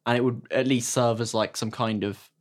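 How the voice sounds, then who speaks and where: A man's voice: medium pitch, fairly even intonation, moderate pace. A male podcast co-host in casual chat. He works through his ideas thoughtfully, leaning on lots of fillers as he explains.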